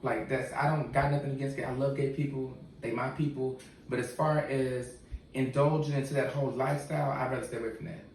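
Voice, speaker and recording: A man's voice: medium pitch, steady tone, brisk, a little mellow. A man, a podcast guest, talking candidly in casual slang. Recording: echoey room, distant mic, faint noise.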